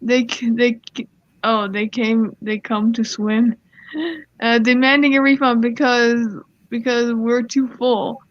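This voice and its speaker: A woman's voice: on the high side, level tone, takes it slowly, no echo. A woman casually reading a Reddit story aloud, stumbling over words and giggling as she goes. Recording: slightly muffled, dry sound.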